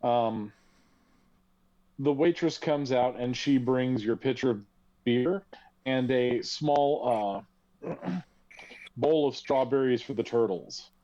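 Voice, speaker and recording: A man runs a tabletop game over voice chat, setting scenes with an easygoing, chuckling ease. His voice sounds mellow and soft-edged, and the recording is dull and lo-fi. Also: medium pitch, slow, long pauses. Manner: relaxed, chuckling, says y'all. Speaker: game master.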